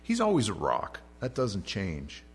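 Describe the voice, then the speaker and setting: Soft music plays behind a pastor whose lowish voice swoops wildly in pitch as he speaks a little slowly. Delivering an expository sermon verse by verse, he reads scripture aloud and paraphrases it in casual, modern language, with a faint mains hum on the recording.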